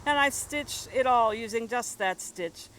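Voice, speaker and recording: A woman voicing a mild, soft-spoken mother who quilts. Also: on the high side, a little slow, slight background noise, voice pushed up, poor audio.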